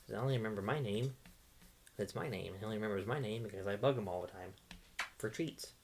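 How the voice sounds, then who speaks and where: A man's voice: fairly low pitch, fast, slight background noise, lightly acted. A man voicing his old female dog who begs for treats in a wheedling tone. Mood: cheeky. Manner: pleading, wheedling.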